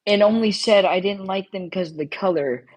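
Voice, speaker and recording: A woman's voice: mid-range voice, normal speed, a little mellow, a little hiss or hum, rough recording. A woman streamer chatting casually on a live stream, rambling and repeating herself as she talks straight to her viewers.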